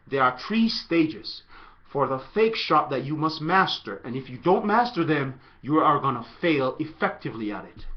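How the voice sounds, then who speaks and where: A man coaching soccer in a casual video tutorial, playful and animated, breaking into loud shouts. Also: a little high, highs cut off.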